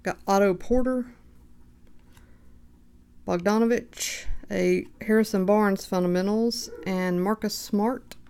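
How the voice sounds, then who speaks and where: A woman hosting a card break, calmly reading out player names and getting excited at good pulls. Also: mid-range voice, smooth. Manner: unhurried, reads names aloud, bursts of excitement. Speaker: card shop host opening packs. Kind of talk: casual card-breaking commentary.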